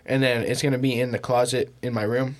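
A man's voice: mid-range voice, level tone, fast talker. A man hosting a casual podcast from a small bedroom closet, cracking crude jokes and teasing his guest. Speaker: podcast host.

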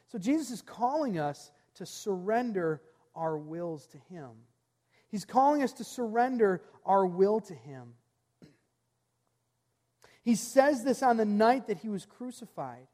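A man pastor preaching a sermon earnestly, reading scripture aloud and letting his phrase ends fall soft. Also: high-pitched, big pitch swings, measured pace, in a large hall.

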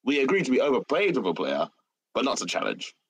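Lively-pitched man in laid-back banter. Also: a little fast, breathy edge, no room sound. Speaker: podcast panelist. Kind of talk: casual football banter.

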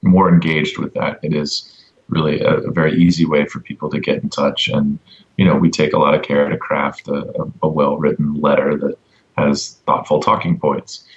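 Super deep guy talking slow n halting, lots of ums, dry jokes, kinda dull lo-fi sound. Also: level tone. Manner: halting, many ums and restarts, dry humor. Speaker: advocacy update presenter. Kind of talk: casual podcast chat.

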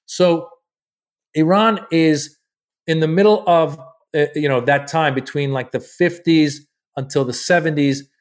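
A man's voice: fairly high pitch, unhurried. A man, a comedian guest, telling a long story in a casual podcast chat, acting out the people he quotes in a loose, profane way. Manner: animated, acts out quoted people.

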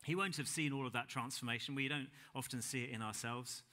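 A man preaching a sermon to a church congregation, talking casually and self-deprecatingly, then building to emphatic peaks before dropping quiet. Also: medium pitch, brisk.

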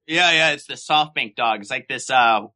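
Chill guy podcast host, swears a lot, real bright tone. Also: mid-range voice, normal speed. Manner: laid-back, swears often. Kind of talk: casual chat. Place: lives in Japan.

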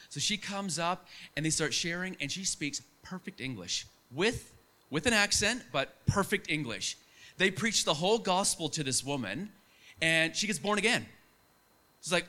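A young man preaching a sermon, telling stories in an animated, conversational way. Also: sits high, normal speed.

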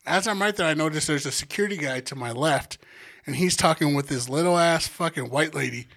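Young male podcast co-host: crude, lively storyteller with a somewhat high voice. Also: fairly quick. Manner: animated storytelling, acts out quotes. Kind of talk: casual profane podcast banter.

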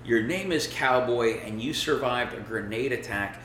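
Relaxed guy shooting the breeze, swears easy, kinda roomy sound. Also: mid-range voice, moderate pace, a little hiss or hum. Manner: laid-back, rambling, swears casually. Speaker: podcast co-host picking fights. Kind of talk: casual chat.

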